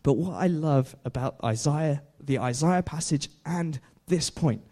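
A man's voice: fairly high pitch, a little slow, mellow. A young man preaching a casual sermon, chatty, laughing often and putting questions to his listeners. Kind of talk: informal sermon.

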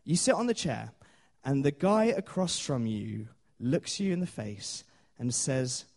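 A man's voice: mid-range voice, big pitch swings, measured pace, creaky, darkish tone. A man preaching a sermon in a chatty storytelling way, with many fillers and small laughs.

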